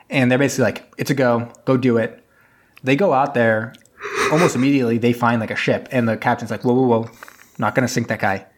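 A man in casual chat, recapping a film at length and acting out the characters with jumps in pitch. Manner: rambling retelling, acts out characters with pitch jumps. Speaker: podcast co-host.

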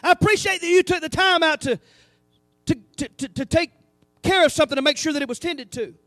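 A male pastor delivers an animated sermon, swinging from quiet asides to loud calls to the congregation. His voice sits very high for a man. The sound is dry and close. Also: brisk, no echo. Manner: animated preaching with call-and-response asides. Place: church sanctuary.

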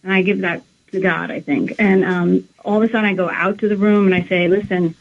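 A woman's voice: mid-range voice, steady tone, fast talker, creaky. Woman telling her story over a phone line. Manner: rambling, earnest, acts out quoted dialogue. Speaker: guest. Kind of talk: emotional personal storytelling.

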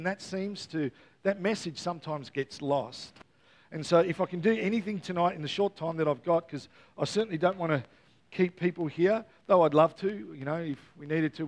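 A man's voice: on the high side, fairly quick. A man preaching a Christmas Eve sermon, earnest and repeating key words, with playful joking asides to the congregation. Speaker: pastor.

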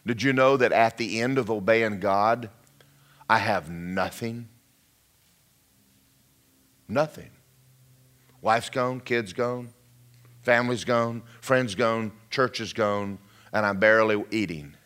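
A man's voice: lowish voice, fairly bright tone. A middle-aged man preaching a sermon, calling out questions to his congregation. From Georgia, US. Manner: preaching with call-outs to the congregation. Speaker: pastor.

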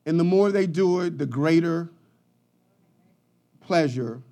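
A man preaching a sermon, swinging from quiet, low asides to loud, shouted passages. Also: slow. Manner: preaching with rising shouts and dramatic swings in volume. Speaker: pastor.

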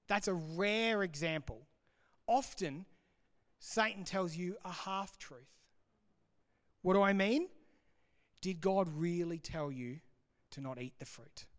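Brief: fairly high-voiced pastor, chatty sermon, long hall reverb. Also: male voice. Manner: animated, conversational, jokey.

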